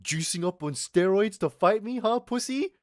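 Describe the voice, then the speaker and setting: Man voicing a jeering teenage bully, pitched up and loud, dry sound. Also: animated, moderate pace, no echo. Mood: taunting. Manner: jeering, boastful shouting. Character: taunting teenage boy bully, loud and cocky.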